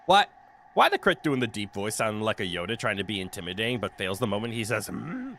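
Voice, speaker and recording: Lively, bright-voiced joking man streamer. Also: on the low side, fast talker, a little hiss or hum. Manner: jokey, laughs often, swears freely. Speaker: streamer playing a video game. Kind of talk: casual live-stream commentary. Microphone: desk mic with a noise canceller.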